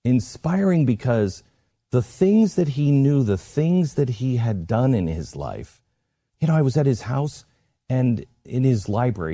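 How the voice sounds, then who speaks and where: A man's voice: medium pitch, dark tone, husky, no echo, clean studio sound. A middle-aged man telling a personal story in an earnest, emotional way, acting out the voices of the people in it. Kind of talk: storytelling monologue.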